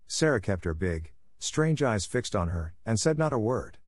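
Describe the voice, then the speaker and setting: Low-voiced man narrating a classic tale. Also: normal speed, hardly any pauses, no room sound, studio quality. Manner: calm, even storytelling. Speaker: audiobook narrator. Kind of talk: scripted narration of a classic novel.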